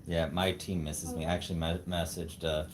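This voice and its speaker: Deep-voiced teasing man on a livestream. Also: little pitch movement, moderate pace, reverberant. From United States. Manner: teasing, coaching step by step. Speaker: husband and co-host. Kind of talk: casual livestream chat. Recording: noisy home livestream.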